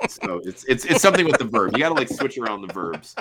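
A man's voice: mid-range voice, sing-song, fast, pushed and bright. A man co-hosting a podcast in casual chat, jokey and laughing often as he riffs on bits. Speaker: podcast co-host.

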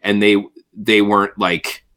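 A man co-hosting a podcast, talking in a relaxed, agreeable way during a casual chat. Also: on the low side, a little slow. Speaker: podcast co-host.

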